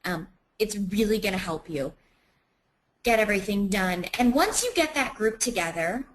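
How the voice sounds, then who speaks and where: A woman's voice: mid-range voice, animated, moderate pace, a little hiss or hum, poor audio. A woman presenting a webinar in a chatty way, with many ums.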